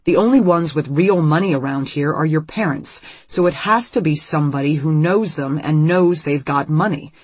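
A woman reading an audiobook, voicing a worried young father who speaks urgently and forcefully. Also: sits low, normal speed, hardly any pauses, slightly rough, no echo. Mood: insistent.

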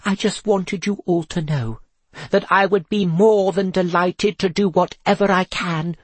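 A sugary, breathy young woman from a storybook, all false sympathy and hidden glee, pitched well up, as a male narrator puts her on. The voice is husky underneath and sits close and dry. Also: steady tone, measured pace, no echo. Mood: syrupy, gleeful. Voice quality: low breathy voice. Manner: gushing, syrupy, mock-sympathetic. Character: sweetly scheming young woman, falsely concerned. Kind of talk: storybook reading.

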